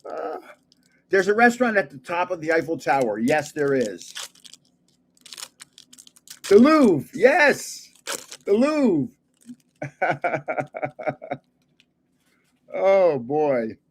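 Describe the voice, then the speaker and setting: A man's voice: fairly high pitch, sing-song, extremely slow, pauses often, slightly rough. A man in his seventies hosting a casual livestream, rambling, chuckling often and trailing off while searching for words. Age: 70s. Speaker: livestream host.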